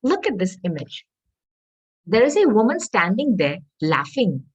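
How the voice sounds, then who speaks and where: A woman reading tarot cards straight to her viewers. Her pitch swoops up and down as she talks. She sounds earnest and reassuring, stopping now and then to search aloud for a word. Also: sing-song, unhurried, slightly rough, lo-fi sound. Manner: addresses viewers as darling. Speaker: tarot reader.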